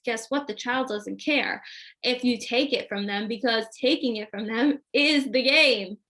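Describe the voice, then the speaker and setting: Higher-pitched woman coaching parents. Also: a little slow, pushed and bright. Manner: reads questions aloud, acts out example dialogue. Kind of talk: live Q&A answering viewer questions.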